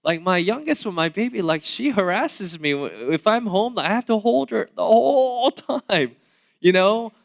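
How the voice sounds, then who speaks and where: Animated, chatty man preaching. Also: sits high, a little slow, creaky. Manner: casual, conversational preaching with many fillers; animated, swinging between loud asides and quiet remarks. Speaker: pastor. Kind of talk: sermon. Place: church sanctuary.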